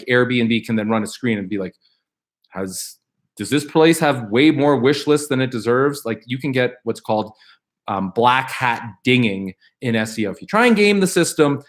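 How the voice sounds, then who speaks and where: A middle-aged man with a mid-range voice speaks briskly while hosting a live Q&A stream. Upbeat and animated, he reads viewer questions aloud and answers them, rambling with fillers and restarts.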